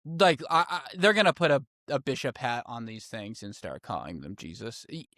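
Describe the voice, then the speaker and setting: A man's voice: mid-range voice, expressive, moderate pace, fairly bright tone, no room sound, studio quality. A man co-hosting a political podcast, laughing often and sounding incredulous in casual chat. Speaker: podcast co-host.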